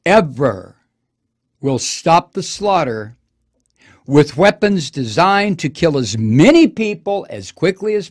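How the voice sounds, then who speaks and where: High, animated ranting talk-radio man. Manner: impassioned, profane, sarcastic ranting. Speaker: radio talk show host. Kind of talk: political talk radio monologue.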